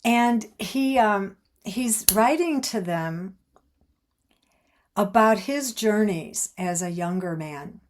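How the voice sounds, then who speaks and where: A woman speaking slowly and reflectively at a middle pitch, as she opens an online gathering and reads aloud. She often pauses and restarts her phrases, and her voice comes through a video call. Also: animated. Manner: slow, thoughtful, halting with restarts. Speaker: opening speaker. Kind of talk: reflective reading and introduction.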